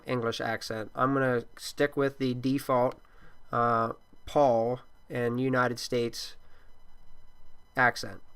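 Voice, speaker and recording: Man with a smooth, flat tutorial voice. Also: mid-range voice. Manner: plain, steady instructional tone with occasional fillers. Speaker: teacher. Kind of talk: screen-recorded software tutorial. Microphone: computer microphone.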